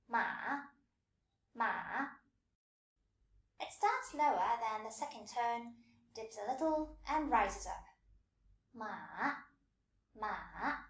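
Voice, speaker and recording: A woman giving a patient, scripted pronunciation lesson, demonstrating sounds slowly and clearly. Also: sits high, echoey room. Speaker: language teacher.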